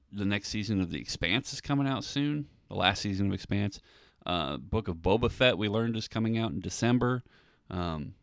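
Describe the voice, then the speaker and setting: Low gravelly guy rambling on his podcast, lots of ums, dry close mic. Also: no echo. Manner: rambling, self-described nerd, many ums and restarts. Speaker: podcast host. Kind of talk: casual solo podcast commentary.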